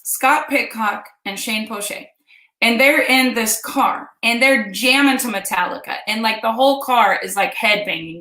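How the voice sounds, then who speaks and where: A woman's voice: a little high, bright, forceful tone. A woman in her fifties from Kansas, chatting animatedly as she tells her viewers a personal story. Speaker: vlog host. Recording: roomy echo.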